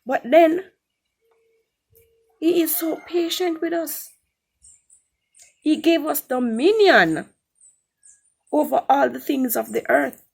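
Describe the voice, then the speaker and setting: A woman's voice: high voice, slow, creaky, pauses often. A woman giving an earnest spoken Christian testimony, repeating phrases for emphasis. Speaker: testimony speaker.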